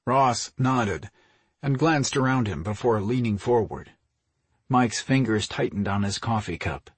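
A man reading an audiobook story in a steady, measured narration. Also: medium pitch, husky, no room sound. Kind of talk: scripted narration.

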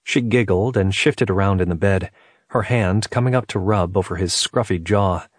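A man reading a romance novel aloud as narrator, calm and even. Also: low voice, normal speed, dry recording. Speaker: audiobook narrator.

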